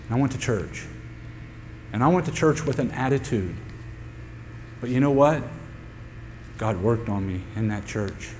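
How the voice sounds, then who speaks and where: A pastor addresses his congregation in a church sanctuary, his medium-pitched, darkish voice moving at normal speed but pausing often. He preaches emphatically, returning to key phrases for effect. The audio has a long hall reverb with a faint hum beneath it.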